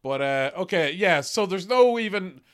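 A comedian co-hosting a podcast, riffing in a dry, sardonic way. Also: male voice, high voice, lively intonation, moderate pace, smooth. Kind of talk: casual comedic chat.

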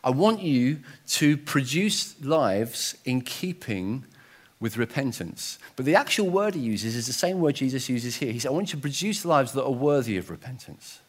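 Animated male preacher, lively pitch. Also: moderate pace. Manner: animated, conversational, frequent restarts and asides. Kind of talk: sermon.

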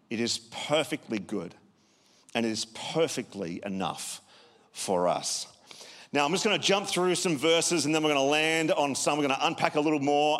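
A man's voice: on the high side, fairly bright tone. Conversational male pastor, hall echo. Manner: conversational, talks with the congregation. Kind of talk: sermon. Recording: long hall reverb.

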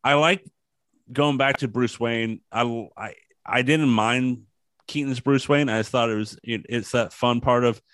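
A man talks through a film with friends in a loose, rambling way, stopping and restarting his thoughts and slipping into quoted lines. His voice sits at an ordinary pitch and sounds dry and close, with no room around it. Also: fairly even intonation, unhurried, a bit bright, dry recording. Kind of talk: casual movie chat.

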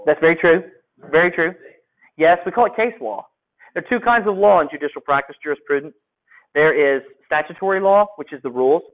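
A man's voice: a little high, fairly quick. A male teacher giving a classroom lecture, talking conversationally and asking his students questions. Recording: phone-like lo-fi audio.

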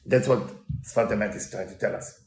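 A man's voice: fairly low pitch, fairly even intonation, normal speed, darkish tone. A man giving a storytelling Torah lesson in broken English, mixing in Hebrew quotes. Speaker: Torah teacher. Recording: roomy echo.

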